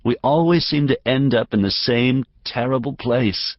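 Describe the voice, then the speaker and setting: A worn-down wife pleads through tightness in her throat, her voice strained and close to tears, as a male narrator reads her in a low, only slightly lifted voice. The audiobook recording is dry and a little muffled. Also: steady tone, measured pace, no room sound. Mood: despairing prayer. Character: distraught married woman, worn down and pleading.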